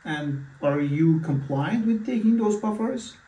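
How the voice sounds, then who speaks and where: A man's voice: on the high side, expressive, a little slow, dark tone. A man acting as a physician in a mock patient consultation, talking hesitantly with many fillers and restarts. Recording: echoey room, far from mic.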